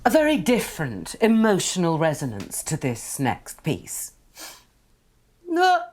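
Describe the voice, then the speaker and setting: A theatrical singer fretting over her precious voice as she hosts a quiz. She announces everything grandly and self-importantly, in a lowish voice that swoops up and down a great deal. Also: huge pitch swings, a little slow, darkish tone, heavily acted. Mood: fussy.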